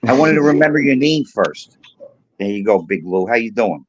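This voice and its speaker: A man's voice: mid-range voice, expressive, moderate pace, dull audio, a little hiss or hum. A man telling heated, profane stories in casual live-stream chat, a regular of the show. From Puerto Rico.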